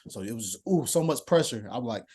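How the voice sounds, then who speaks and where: A young man, a podcast guest, telling animated stories in casual chat and swearing often. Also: medium pitch, brisk, slightly rough. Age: young adult.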